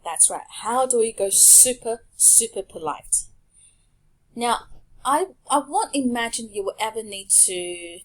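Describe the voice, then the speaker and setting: A woman teaching a language lesson over slides, speaking clearly and patiently and pausing so learners can repeat after her. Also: mid-range voice.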